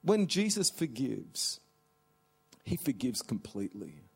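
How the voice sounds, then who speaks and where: A middle-aged male pastor preaching a sermon with passion, climbing to shouts at the high points. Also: very animated, slow, gravelly, slightly rough. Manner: impassioned, rising to shouts.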